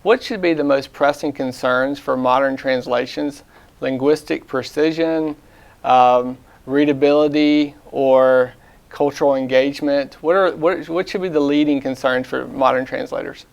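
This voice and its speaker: Interviewer guy, gravelly voice, careful slightly halting questions. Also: medium pitch, fairly even intonation.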